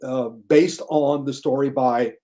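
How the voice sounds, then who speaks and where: A guest critic on a podcast, this man talks slowly and casually with a steady, mellow tone. He is enthusiastic and mocks critics by imitating them in a high, whiny voice.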